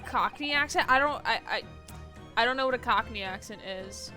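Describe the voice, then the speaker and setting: Bright-voiced streamer lady, giggly, scattered chat, little high, game music faint. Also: normal speed. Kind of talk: casual chat while playing a game.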